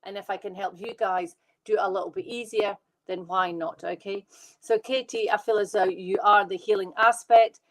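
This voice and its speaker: A woman working as a medium, giving live readings to viewers in an excitable, fast, reassuring way. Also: medium pitch, low-quality recording. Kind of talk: live online psychic reading.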